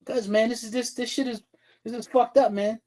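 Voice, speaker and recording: A man's voice: very high-pitched, steady tone, moderate pace, warm tone. A man hosting a livestream talk show, delivering blunt, profane, confrontational commentary with frequent restarts and repeated words. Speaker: streaming talk show host.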